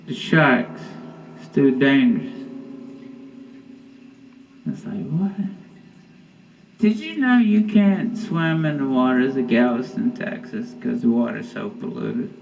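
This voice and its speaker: A man's voice: on the high side, a bit bright, recorded from a distance, slight background noise, low-quality recording. A man doing a stand-up comedy set, telling rambling, profane stories.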